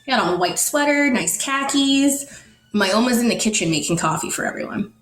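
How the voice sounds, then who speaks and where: A woman from the Netherlands, a podcast guest, telling a personal story in an animated way and acting out the dialogue. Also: on the high side, brisk, slight background noise. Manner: animated, acts out dialogue in quotes. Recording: roomy echo, faint music.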